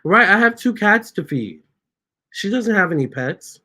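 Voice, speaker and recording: A man hosting a casual storytime, reading out viewer comments, chatty and animated, often stopping to talk to his cats. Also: high voice, unhurried. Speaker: tarot reader and channel host.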